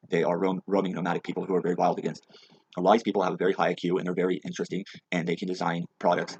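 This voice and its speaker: A man's voice: deep voice, husky. A man ranting angrily in a rambling, profane, agitated way, in a muffled lo-fi recording. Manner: agitated, rambling, heavy swearing. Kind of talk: angry profane rant. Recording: muffled lo-fi with faint hiss.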